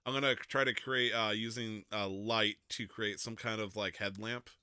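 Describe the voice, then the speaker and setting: A man playing a tabletop game, his voice very bright and smooth with a close, dry sound. He talks playfully, laughing often and breaking into shouted lines for his character. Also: lowish voice, steady tone, moderate pace, no echo. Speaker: player.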